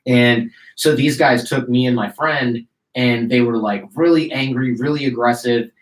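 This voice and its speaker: Guesting on a show, a podcast host from Detroit, in the United States, tells a story casually at a moderate pace with a medium-pitched voice. He animatedly performs the voices of those he quotes and leans on "like" fillers, while the room gives the audio a noticeable echo.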